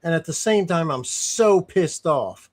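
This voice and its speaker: A man talks through his views in a loose, unscripted way, his voice sitting a little high for a man. He sounds indignant and often doubles back mid-sentence or drifts into digressions. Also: animated, unhurried. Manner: indignant, rambling, with frequent restarts and digressions. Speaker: streamer giving commentary. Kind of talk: casual unscripted commentary.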